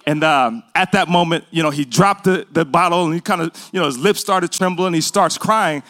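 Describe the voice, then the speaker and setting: High-voiced man preaching earnestly. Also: normal speed, sharp tone. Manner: earnest, builds to emphatic preaching. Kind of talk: sermon.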